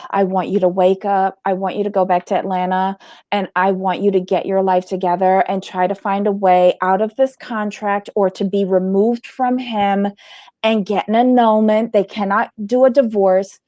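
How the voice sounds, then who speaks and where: Woman host, blunt animated commentary, medium pitch, dry close mic. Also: normal speed, no echo. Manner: animated, blunt, swears, acts out quotes. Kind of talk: casual reality TV commentary.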